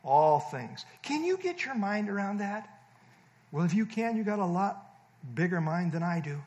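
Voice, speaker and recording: A man's voice: high voice, sing-song, moderate pace, a little mellow. A man preaching a sermon, emphatic and teaching, stressing points by repeating words. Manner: teaching, explains verb tenses and verses. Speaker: pastor.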